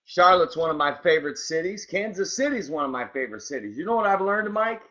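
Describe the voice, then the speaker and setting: A man's voice: fairly high pitch, lively intonation, fast, sharp tone. A male co-host in casual chat who enthusiastically greets listeners by name. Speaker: podcast co-host. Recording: dull lo-fi sound.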